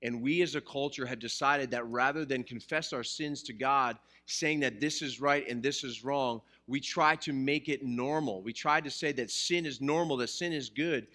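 A man's voice: medium pitch, moderate pace, few pauses, pushed and bright. A man preaching a sermon to a live congregation in a church, mixing scripture with jokes and questions to the listeners. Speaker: pastor.

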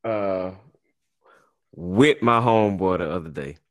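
A man's voice: deep voice, slow pace, no echo, studio quality. Laid-back, slangy male podcast host. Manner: laid-back storyteller, slangy, laughs often, many restarts. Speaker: podcast host and business owner. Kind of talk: casual podcast chat.

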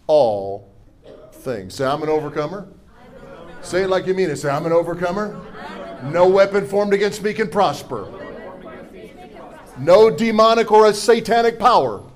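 A middle-aged man preaching a sermon, reading scripture and leading call-and-response with the congregation, with humorous asides and forceful declarations. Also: high voice. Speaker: pastor.

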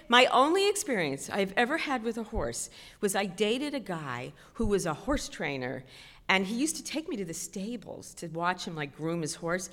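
Animated middle-aged woman telling a story. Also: mid-range voice, moderate pace. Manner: animated, chatty, self-mocking. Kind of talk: stand-up storytelling. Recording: long hall reverb.

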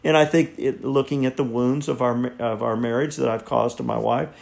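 Older male counselor in his sixties, earnest, halting, slightly gravelly, mid-pitched. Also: fairly even intonation, darkish tone. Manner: earnest, halting, repeats words. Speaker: marriage counselor. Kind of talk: reflective teaching monologue.

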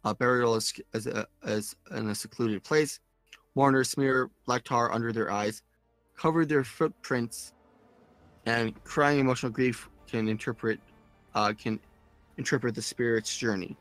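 A man co-hosting a podcast, reading listener comments aloud in a casual, halting way. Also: medium pitch, fairly even intonation, fairly bright tone, dry recording, faint music behind. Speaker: podcast co-host. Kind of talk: casual chat.

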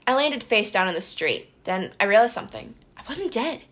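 Bright, expressive woman narrating an audiobook. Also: fairly high pitch, brisk. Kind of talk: first-person audiobook narration.

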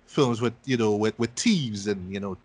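A man's voice: on the low side, normal speed, darkish tone, dry recording. A man in casual podcast chat about movies, easygoing and agreeable, often restarting his sentences.

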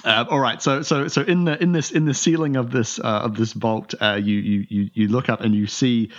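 A man's voice: mid-range voice, fairly even intonation, moderate pace. A man narrating as game master in a tabletop game, stumbling through many repeated words and fillers. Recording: dull lo-fi sound.

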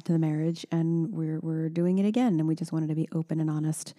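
Woman, lowish voice, very dark mellow tone, earnest, supportive, restarts often. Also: steady tone, a little fast. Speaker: co-host. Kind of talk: candid personal conversation.

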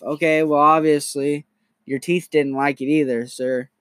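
A young man hosting a podcast in a casual, crude, animated storytelling manner. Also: on the high side, normal speed, no echo. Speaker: podcast host.

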